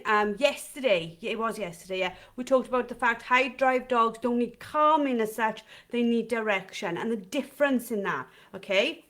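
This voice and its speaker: A woman's voice: a little high, a bit bright. A middle-aged woman, hosting a casual live stream about dog training and chatting with viewers. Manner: chatty, addresses viewers in comments, frequent "right?".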